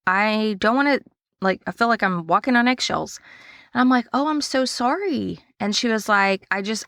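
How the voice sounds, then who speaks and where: A woman hosting a casual solo podcast, telling a story in a chatty, animated way and acting out the dialogue. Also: mid-range voice, smooth, no echo, studio quality. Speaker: podcast host and small business owner.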